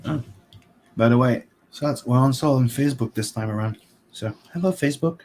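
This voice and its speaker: A man's voice: mid-range voice, normal speed, darkish tone, slight background noise. A man hosting a livestream, chatting casually and rambling with many fillers. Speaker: stream host. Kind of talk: casual chat.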